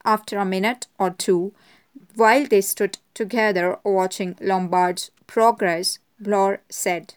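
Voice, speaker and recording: A woman narrating an audiobook in a measured, even way. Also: mid-range voice, clean tone, no echo.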